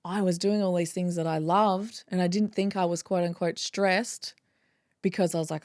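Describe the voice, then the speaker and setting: A woman chiropractor talking in a casual interview, animated and acting out her own inner dialogue. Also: lowish voice, moderate pace, dry recording, clean studio sound. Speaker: guest, chiropractor.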